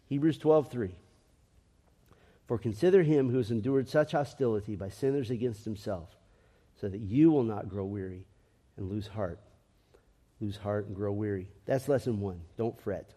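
A man's voice: mid-range voice, mellow. A man preaching a sermon as pastor, earnest and conversational, with frequent restarts, ending in a prayer. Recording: long hall reverb.

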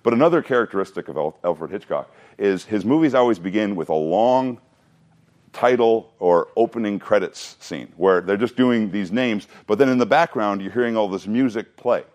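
A man's voice: on the low side, lively intonation, normal speed, a little mellow. Conversational male Bible teacher. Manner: conversational, asks the room questions, jokes, restarts. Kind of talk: casual teaching to a group.

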